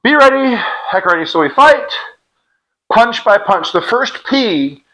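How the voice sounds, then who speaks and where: Leading a workout drill, a middle-aged man jokes around casually and calls cadence counts into a clip-on mic. His very high voice is bright and forceful, with lively intonation and an unhurried pace. The fitness instructor's audio quality is poor.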